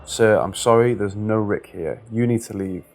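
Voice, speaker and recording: A young woman, polite yet firm as she refuses a stranger, voiced by a male narrator. The voice stays fairly low and even, in a spoken horror story. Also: normal speed, a little hiss or hum, close to an everyday voice.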